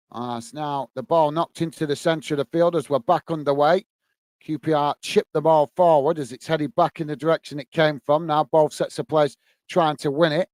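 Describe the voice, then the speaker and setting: A watchalong host from England chats with viewers during a live football match, casually commentating and calling them mate and guys. The recording is dry, and his voice is a little high and a little mellow.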